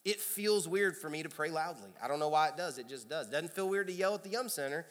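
A pastor with a Kentucky accent preaching a sermon in a conversational way, with loud emphatic bursts. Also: male voice, on the high side, animated, quick pace. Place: large church sanctuary. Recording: long hall reverb.

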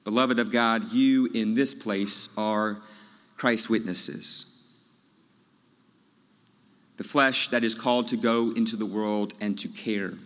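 Low-voiced male pastor in reverberant sanctuary. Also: steady tone, fairly bright tone. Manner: measured storytelling delivery. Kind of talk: sermon. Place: large church sanctuary. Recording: long church reverb.

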